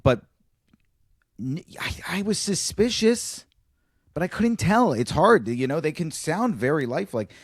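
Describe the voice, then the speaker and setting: A man's voice: measured pace, dry recording, studio quality. A man co-hosting a podcast, casually telling a stand-up bit and acting out the dialogue with big jumps in his voice. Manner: animated storyteller, acts out dialogue with big pitch jumps. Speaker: podcast co-host, comedian.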